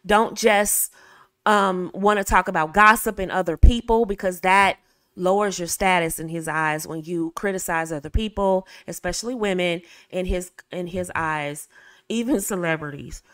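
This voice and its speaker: A woman's voice: lowish voice, a bit bright, smooth, no echo. A middle-aged woman from the United States coaching a live class in a direct manner, acting out short phone dialogues. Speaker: etiquette coach.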